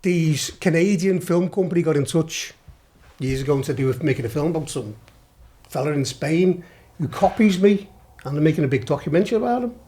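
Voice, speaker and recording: A middle-aged man from Liverpool with a Scouse accent, a podcast guest telling a story in a lively, sweary way, often laughing. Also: on the high side, a little fast. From Liverpool, England. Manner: animated, swears a lot, laughs while telling. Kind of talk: storytelling anecdote.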